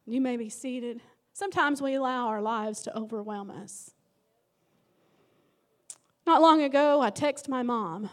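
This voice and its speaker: High-voiced woman pastor preaching. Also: unhurried, pauses often. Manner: emotional, dramatic storytelling with sudden loud emphasis. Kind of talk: sermon.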